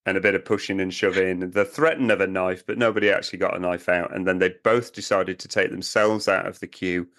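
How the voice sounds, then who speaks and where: A man's voice: deep voice, steady tone, brisk, hardly any pauses, fairly bright tone. A British man co-hosting a camping podcast in a chatty, joking way. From Britain. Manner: chatty, joking, puts on silly accents. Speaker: podcast co-host. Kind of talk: casual chat.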